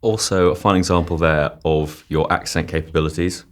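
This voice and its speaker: A male radio film critic interviews his guest with playful, quick banter. His voice is very deep and low. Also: fairly even intonation.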